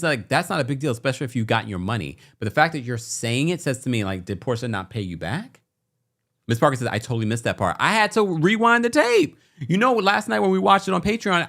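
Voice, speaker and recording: Animated man hosting a chatty recap. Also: medium pitch. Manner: animated, chatty, talks straight to viewers. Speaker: recap podcast host. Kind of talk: casual reality TV recap.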